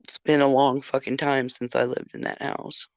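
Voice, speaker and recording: A woman's voice: very deep voice, flat delivery, moderate pace, no echo. Profane chatty older woman, drawl. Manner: profane, chatty, addresses viewers directly. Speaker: livestream host. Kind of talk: casual livestream storytelling. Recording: dull lo-fi sound.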